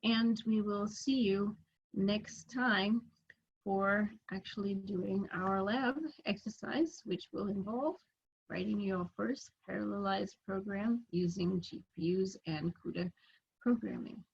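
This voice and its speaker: A woman lecturing on a recorded video call, her voice husky with a gravelly edge. She explains each step in a measured way and pauses on small fillers. The sound is dull and lo-fi, like a computer mic in a meeting recording. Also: medium pitch.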